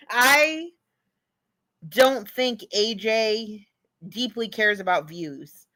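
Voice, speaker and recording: A woman livestreamer talks bluntly and swears freely, circling her points with fillers. Her voice is bright and forward. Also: fairly high pitch, very slow. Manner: blunt, profane, rambling with fillers. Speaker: streamer reacting to clips. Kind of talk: casual livestream commentary.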